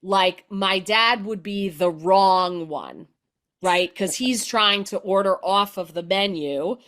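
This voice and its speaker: Animated woman telling stories. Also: medium pitch, slow. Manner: animated, explanatory, filler-heavy with "like". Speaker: guest comedian. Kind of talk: conversational storytelling.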